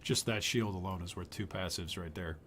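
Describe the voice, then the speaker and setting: A man's voice: sits low, normal speed, background noise. A man giving casual live-stream commentary while he plays, thinking aloud and trailing off, his voice wearing thin. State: losing his voice. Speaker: gaming streamer.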